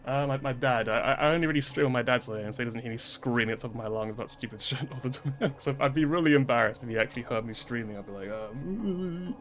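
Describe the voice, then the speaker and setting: A man in his twenties, streaming and ranting in casual chat: animated, exasperated, swearing freely. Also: medium pitch, fast, hardly any pauses. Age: 20s.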